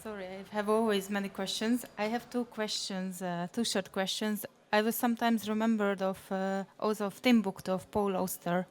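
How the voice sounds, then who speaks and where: A woman in the audience asks a halting question in a flat, level voice. She pauses often and fills the gaps with hesitations. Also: medium pitch. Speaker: audience member asking a question.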